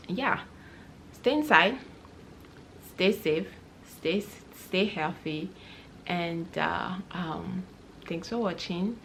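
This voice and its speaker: Woman vlogging into her phone, kinda low voice, rambly and sincere, lots of ums, faint room hum. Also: gravelly, a bit bright. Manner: heartfelt, rambling with many fillers and restarts. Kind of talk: casual personal vlog story.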